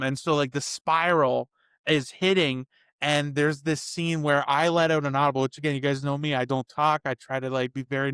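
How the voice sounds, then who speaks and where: A man's voice: on the high side, fairly bright tone, clean tone, no echo, studio quality. A man co-hosting a movie review podcast, talking casually and animatedly, swearing and acting out scenes. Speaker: podcast co-host.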